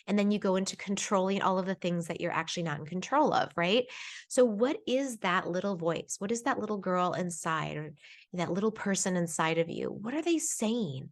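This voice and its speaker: A woman's voice: fairly low pitch, animated, normal speed. A woman herbal teacher giving an informal lesson, talking conversationally and reflectively with frequent fillers and restarts.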